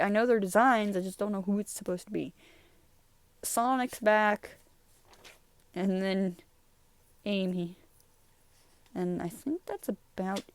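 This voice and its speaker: A young woman hosting her channel, chatting casually and rambling through her old drawings, laughing often. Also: medium pitch. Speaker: channel host. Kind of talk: casual art review chat.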